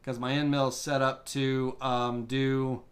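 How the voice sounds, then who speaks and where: Man, slow unhurried pace, mid pitch, live software tutorial, thinking aloud. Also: level tone. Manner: thinking aloud, fillers and restarts while working the software. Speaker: woodworking CNC instructor.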